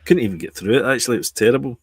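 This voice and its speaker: A man's voice: mid-range voice, animated, rapid-fire, husky, dry recording. A British man co-hosting a casual chat show, rambling through his opinions and reading out viewer comments. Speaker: show co-host.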